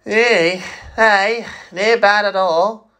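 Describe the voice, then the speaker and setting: A man voicing a gruff, suspicious male steam engine in a fan story reading. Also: high voice, fairly even intonation, drawn-out words, pushed and bright, pitched above the performer's own voice, exaggerated voice.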